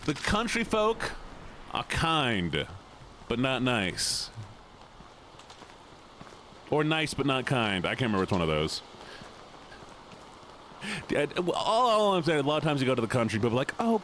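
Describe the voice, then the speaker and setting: A man's voice: mid-range voice, a bit bright, a little hiss or hum. Goofy streamer guy chatting while gaming, voice bouncing all over, slips into a folksy drawl. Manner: jokey, goofy, lapses into a put-on folksy drawl. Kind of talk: casual chat while gaming.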